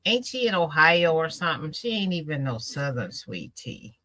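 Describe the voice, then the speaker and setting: A woman from the who hosts a sewing channel, chatting casually, telling lively stories and laughing often. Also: low-pitched, moderate pace, a crowd in the background, rough recording. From American Midwest. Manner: animated storyteller, laughs often. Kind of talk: casual chat.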